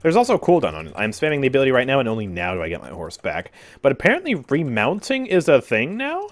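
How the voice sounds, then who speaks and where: Young man, gaming YouTuber, casual commentary, exasperated, sarcastic, animated pitch. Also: quick pace. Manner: exasperated, sarcastic, frequent laughs and sighs.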